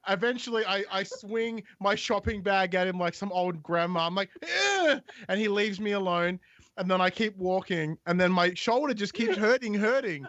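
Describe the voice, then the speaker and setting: A man co-hosting a casual podcast, telling an animated, sweary story and mimicking bird cries. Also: high voice, normal speed, dry recording, highs cut off. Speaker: podcast co-host. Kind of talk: casual live-stream podcast chat.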